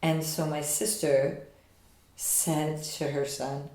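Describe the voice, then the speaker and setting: A woman's voice: rumbling low, flat delivery, slow pace, warm tone. Wry woman in an echoey room. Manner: blunt, wry storyteller. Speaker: podcast co-host. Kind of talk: casual chat.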